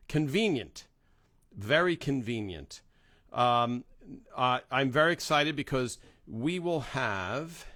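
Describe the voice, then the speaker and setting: A man's voice: mid-range voice, no echo, studio quality. A middle-aged man from New Jersey hosting a casual livestream, greeting viewers one by one with many fillers. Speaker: host.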